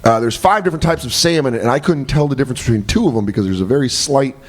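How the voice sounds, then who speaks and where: A young comedian guesting on a podcast tells profane stories in a casual, chatty way, laughing as he goes. His voice is medium in pitch and rapid-fire.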